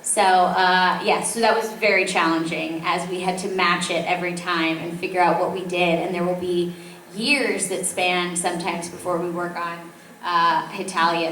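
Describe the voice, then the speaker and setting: A woman's voice: fairly low pitch, a bit bright. A woman voice actress answering audience questions at a convention panel, chatty and enthusiastic, rambling with fillers. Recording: echoey hall from far off, faint noise.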